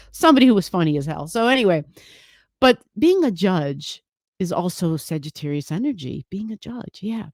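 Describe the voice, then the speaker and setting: A woman's voice: mid-range voice, darkish tone, dry recording, clean studio sound. A woman astrologer talking casually at home into a desk microphone, rambling a little, repeating phrases and laughing often. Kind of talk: casual chat about astrology. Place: room at home.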